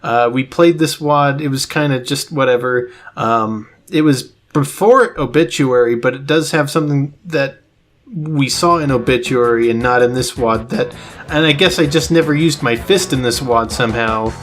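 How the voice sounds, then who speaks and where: Relaxed man narrating his gameplay. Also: mid-range voice, normal speed. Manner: relaxed, explains gameplay as he goes. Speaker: let's play host playing the game. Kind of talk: casual gaming commentary.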